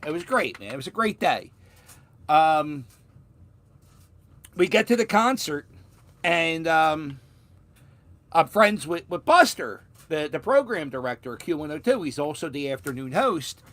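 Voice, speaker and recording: A man's voice: a little high, big pitch swings, measured pace, pauses often, a bit bright, no room sound. A man from Philadelphia with a Philadelphia accent, telling a story in a casual vlog, rambling with restarts and the odd swear word. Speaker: vlogger.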